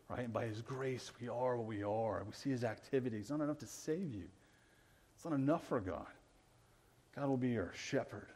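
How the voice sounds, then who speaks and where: A male pastor preaching a sermon, earnest, often checking in with the congregation and moving between loud emphatic lines and quiet low ones. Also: breathy edge. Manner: earnest preaching, keeps asking the congregation "right?".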